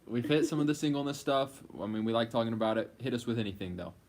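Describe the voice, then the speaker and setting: A man co-hosting a casual live Q&A, playfully reluctant, with quick asides. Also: mid-range voice, a little mellow. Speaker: co-host of a couple's live Q&A. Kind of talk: casual live-stream chat.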